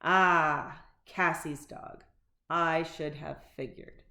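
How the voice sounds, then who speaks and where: A woman's voice: sits low, fairly even intonation, very slow, sharp tone, pitched below the performer's own voice, full character voice. A woman reading aloud and voicing a stern school principal who speaks dryly and firmly. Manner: stern and dry. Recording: roomy echo.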